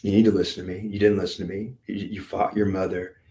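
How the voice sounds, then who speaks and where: Deep-voiced man telling a rambling story. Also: flat delivery, fast talker, dark tone. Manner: meandering, repetitive, with many fillers and restarts.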